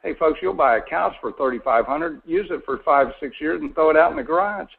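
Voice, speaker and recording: A middle-aged man pitches a mortgage program in a folksy, persuasive way, asking his listeners question after question. His voice sits a little high for a man. It comes through a thin, tinny phone line. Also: fairly quick, vocal fry. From Florida. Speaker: mortgage presenter. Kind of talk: sales presentation on a call. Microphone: phone or conference call line.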